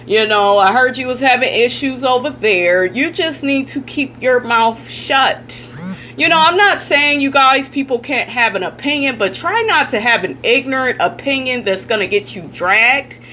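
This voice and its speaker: Woman vlogger, bright edgy voice, blunt cussing rant, faint hum behind. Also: high-pitched, expressive, moderate pace. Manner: blunt, profane and indignant, addressing viewers directly. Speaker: celebrity gossip vlogger. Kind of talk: ranting commentary vlog.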